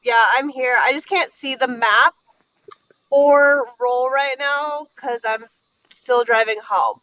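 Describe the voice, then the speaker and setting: A woman joining a tabletop game from her car while driving home, talking softly and a little away from the mic. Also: high-pitched, fairly even intonation, takes it slowly, rough recording. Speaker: player.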